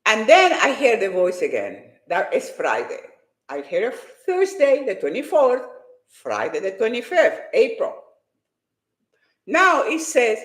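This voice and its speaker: Animated woman telling a faith story. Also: on the high side, measured pace, reverberant. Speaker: fitness competitor. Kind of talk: personal faith testimony.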